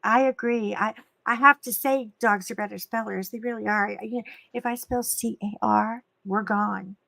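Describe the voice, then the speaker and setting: A woman guest in casual chat, telling lively stories and acting out other people's lines. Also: medium pitch, moderate pace, vocal fry, no room sound. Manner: animated storyteller, acts out quotes.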